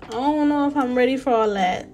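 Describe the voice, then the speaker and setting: A young woman giving casual, animated let's-play commentary and talking straight to her viewers. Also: sits high, brisk, soft background music. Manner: chatty, animated, talks to viewers as y'all. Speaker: gameplay narrator.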